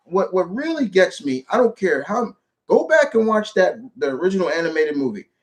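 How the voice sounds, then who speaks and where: A man hosting a casual live chat about movies, talking in an animated, rambling way with lots of restarts. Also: high voice, moderate pace. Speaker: show host.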